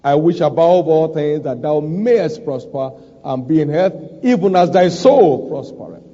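Man, preacher, high mellow voice, emphatic repetition, dull sound in a big echoing hall. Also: expressive, a little slow. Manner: emphatic, repeats scripture lines for stress. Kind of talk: sermon. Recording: dull recording with long hall reverb.

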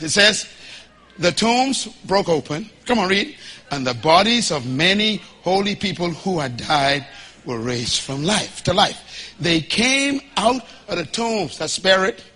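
There's slight background noise as a man from the Bahamas preaches in a high, very animated voice, a little on the slow side. His sermon is humorous, folksy and emphatic, rising to shouts as he presses the congregation to respond.

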